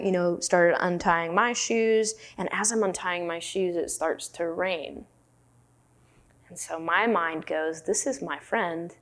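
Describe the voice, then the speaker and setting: A woman giving a dharma talk, telling a personal story in a candid, self-deprecating way. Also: lowish voice. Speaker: meditation teacher.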